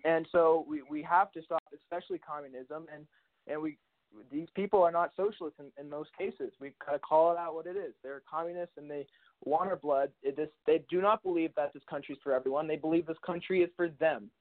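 Earnest male caller, somewhat high voice, phone-line sound, deliberate delivery. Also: fairly even intonation. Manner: earnest, deliberate, frequent uh pauses. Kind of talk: call-in talk radio commentary.

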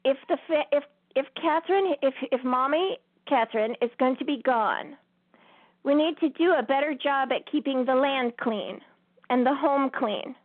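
A woman's voice: high-pitched, moderate pace, no room sound. A woman hosting a spiritual talk show, telling a story in a casual way and laughing often as she talks. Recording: tinny phone-line sound.

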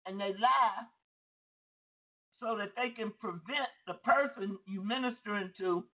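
Woman deliverance minister, steady middle pitch, plain testimony style, lo-fi line. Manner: conversational, repetitive, addresses listeners directly. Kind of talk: testimony sermon. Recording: tinny phone-like audio.

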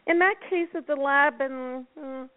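A woman from Nova Scotia who founded a dog rescue network, calmly giving advice as a guest on a radio talk show. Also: sits high, unhurried. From Nova Scotia, Canada. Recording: tinny phone line.

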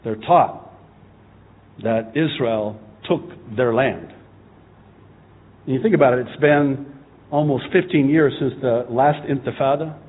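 A middle-aged man preaching a sermon as pastor, impassioned and at times rising to shouting. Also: medium pitch, a little slow, long pauses, husky. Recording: tinny phone-like sound.

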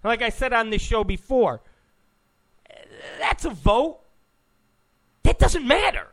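A man's voice: very high voice, big pitch swings, slow pace, a bit bright. A man hosting a political talk show, giving an opinionated monologue, emphatic, repeating phrases and stammering on restarts.

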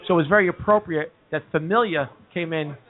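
A man hosting a casual live talk show in a pub, stumbling over his words with lots of uh and restarts. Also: on the high side. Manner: halting, full of uh and restarts. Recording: tinny phone-like sound.

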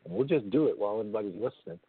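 A man's voice: lowish voice, expressive, racing, breathy edge, no room sound. Man talking on a tinny phone line. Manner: earnest, explanatory, repeats phrases. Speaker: podcast co-host. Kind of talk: casual radio show talk. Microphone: phone line, not his headset.

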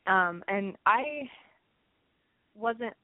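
A woman's voice: medium pitch, animated, very slow, no room sound. A woman guest on a radio show, chatting casually and hesitantly, with frequent ums. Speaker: guest singer. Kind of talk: casual chat. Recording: dry tinny phone line.

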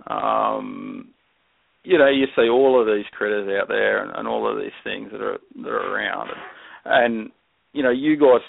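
Australian man with a gravelly voice on a tinny line. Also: lowish voice, very animated, unhurried, no echo. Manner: rambling, enthusiastic, laughs often, many restarts. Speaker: guest herpetologist. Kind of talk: casual podcast chat. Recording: tinny phone-like call audio.

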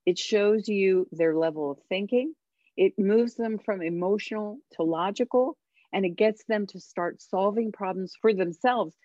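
A woman parenting coach and author, a radio interview guest, speaking emphatically and giving tips with dramatic pauses. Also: mid-range voice, mellow, no echo, highs cut off.

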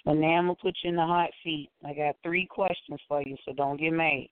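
A woman's voice: deep voice, fairly even intonation, brisk, clean tone, dry recording. A woman co-hosting a radio talk show, asking questions in a teasing, chatty way. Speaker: radio co-host. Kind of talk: casual radio interview. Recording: tinny phone line.

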